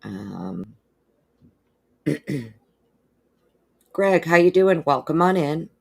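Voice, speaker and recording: A woman's voice: low-pitched, drawn-out words, vocal fry. A woman hosting a casual live stream, chatting with viewers by name and swearing freely while going over court documents. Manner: animated, with exaggerated put-on quote voices.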